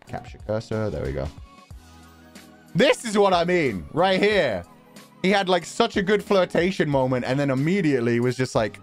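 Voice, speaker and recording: A man's voice: mid-range voice, sing-song, faint music behind. A young adult man streaming a game, chatting casually, joking around and laughing often. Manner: joking, rambling, quick to laugh.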